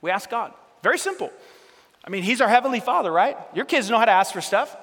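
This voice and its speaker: A man with a very high, bright and forceful voice, preaching with emphatic repetition and calls to the congregation. He is heard in a church auditorium, with a long reverb trailing his words. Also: expressive, fast. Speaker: pastor. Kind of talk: sermon.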